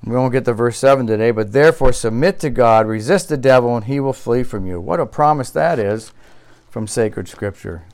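A male pastor with a medium-pitched voice preaches at a moderate pace. He repeats key phrases for emphasis and alternates between loud, emphatic exclamations and quiet, reflective asides.

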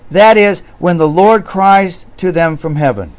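A man's voice: sits high, a little slow. Earnest male pastor preaching. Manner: earnest, emphatic, with restarts and rising stress on key words. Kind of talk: sermon.

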